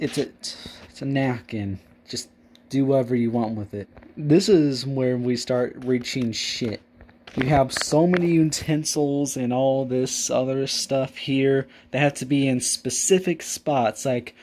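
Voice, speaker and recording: A young man reads etiquette rules aloud and mocks each one with crude, rambling sarcasm. His voice sits at an ordinary middle pitch. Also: unhurried, a little mellow. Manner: mocking, profane, rambling. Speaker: video host. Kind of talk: sarcastic reading and commentary.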